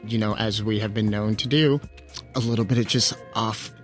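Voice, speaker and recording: A man's voice: lowish voice, steady tone, normal speed, soft background music. A man hosting a podcast in casual chat, upbeat and welcoming toward his guest. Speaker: podcast host.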